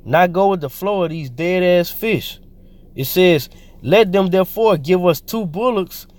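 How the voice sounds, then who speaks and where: A man's voice: a little high, a little mellow, no room sound. A man teaching scripture, reading verses aloud and then commenting in loose, slangy asides with fillers and repeated words. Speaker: preacher.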